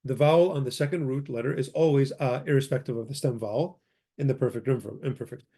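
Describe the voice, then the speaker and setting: Casual man teaching grammar, mellow voice. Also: medium pitch, fast. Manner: casual, thinks aloud, corrects himself, mutters asides. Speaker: language teacher. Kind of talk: informal grammar lesson, reading from a textbook.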